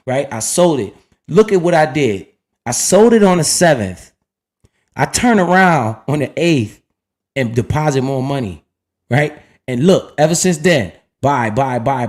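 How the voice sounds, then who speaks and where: A middle-aged man hosting a casual livestream, talking in loose slang and often dropping low and quiet. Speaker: livestream host talking investing.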